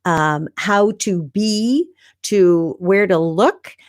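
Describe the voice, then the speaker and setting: A woman's voice: fairly low pitch, very slow, no room sound, studio quality. A woman guest coaching about video, talking in a casual, encouraging way on a video call. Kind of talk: casual live interview chat. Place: room at home.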